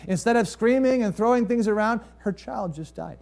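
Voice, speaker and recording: This sermon comes from a male pastor with a high-sitting, creaky voice at normal speed. He narrates a story, addresses rhetorical questions to the congregation, and alternates between energetic rises and hushed quiet.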